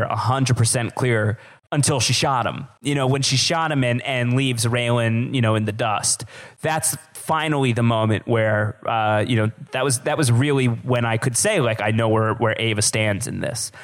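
A man co-hosting a podcast, musing at length with many pauses and restarts, laughing easily. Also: mid-range voice. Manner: hesitant, lots of fillers and restarts, laughs easily. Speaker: podcast co-host. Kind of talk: casual podcast chat.

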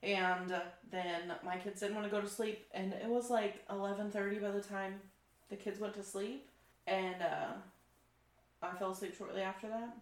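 A woman's voice: mid-range voice, fairly even intonation, normal speed. A woman co-hosting a casual chat podcast, telling stories in a loose, swearing, laughing manner. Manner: storytelling, swearing freely, laughing. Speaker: podcast co-host. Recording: roomy echo.

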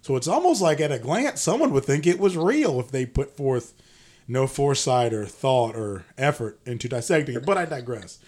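A young man co-hosting a comedic podcast, animated and mock-incredulous, who swears and laughs mid-sentence. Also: mid-range voice, normal speed. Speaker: podcast co-host.

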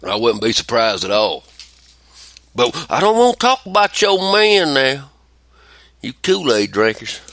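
A man's voice: medium pitch, unhurried, long pauses, dry recording. A man hosting a casual podcast chat, ranting and telling stories with plenty of swearing. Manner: profane, ranting, animated storytelling. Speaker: podcast host.

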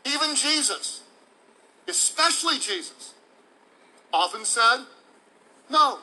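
A man's voice: extremely high pitch, very animated, takes it slowly, pushed and bright, low-quality recording. A male pastor delivering a sermon in an emphatic, playful way, acting out examples for the congregation. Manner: emphatic, playful preacher who acts out examples.

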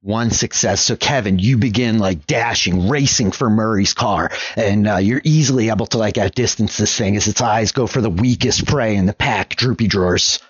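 Husky-voiced man running a tabletop game. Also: lowish voice, normal speed, few pauses, no room sound, dull audio. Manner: loose, filler-heavy narration. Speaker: game master.

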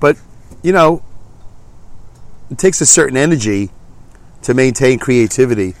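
A man's voice: mid-range voice, lively intonation, unhurried, no room sound. Self-deprecating stuffy-nosed man. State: congested, stuffy nose. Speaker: podcast host. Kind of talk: casual solo podcast monologue.

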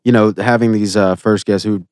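A man's voice: fairly low pitch, steady tone, moderate pace, a little mellow, smooth, dry recording, clean studio sound. A man co-hosting a casual podcast, rambling with many fillers and restarts. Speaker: podcast co-host.

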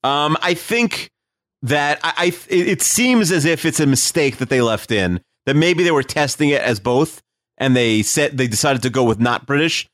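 A man's voice: fairly high pitch, expressive, moderate pace, fairly bright tone, no room sound, clean studio sound. A man co-hosting a podcast, speculating about a sitcom episode in casual chat, full of restarts and fillers. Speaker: podcast co-host.

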